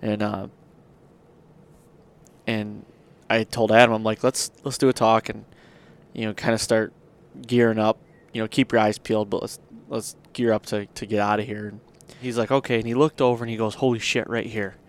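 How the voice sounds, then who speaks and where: A man's voice: lowish voice, normal speed. Rambling man telling a hunting story. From Michigan. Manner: rambling, animated, lots of fillers. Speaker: podcast host. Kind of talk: casual storytelling.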